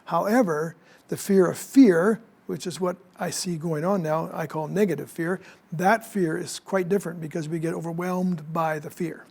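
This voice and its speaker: Gravelly high-voiced man in his seventies. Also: steady tone, moderate pace, a little mellow. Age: 70s. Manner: explanatory, with restarts. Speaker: psychologist guest. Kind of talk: studio interview. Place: TV news studio.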